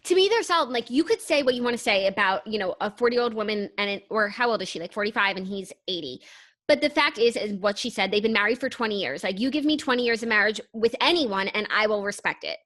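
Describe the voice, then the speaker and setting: A woman's voice: medium pitch, fast talker, a bit bright. A young woman co-hosting a podcast, chatting enthusiastically in casual talk with frequent fillers. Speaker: podcast co-host. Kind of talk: casual chat.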